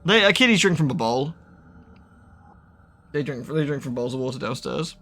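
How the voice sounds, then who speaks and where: A man's voice: medium pitch, animated, normal speed, bright, forceful tone. A man giving casual, rambling commentary while gaming, often cooing baby-talk to his cat. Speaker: gaming streamer. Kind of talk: casual let's-play commentary.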